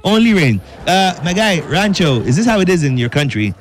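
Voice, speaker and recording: A man's voice: a little high, very animated, fairly quick, soft background music. A man with a Nigerian accent, hosting a comedy radio show sketch and bantering playfully with callers. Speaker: radio host.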